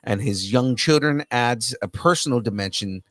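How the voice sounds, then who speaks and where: A man's voice: medium pitch, moderate pace, a bit bright, dry recording. A man co-hosting a casual podcast, reading news aloud and goofing around with silly voices. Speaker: podcast co-host.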